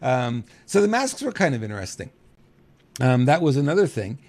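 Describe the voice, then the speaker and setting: A middle-aged man talking in a casual monologue as a podcast host, animated and chuckling, acting out quotes. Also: moderate pace. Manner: animated, acts out quotes with big pitch jumps, chuckles.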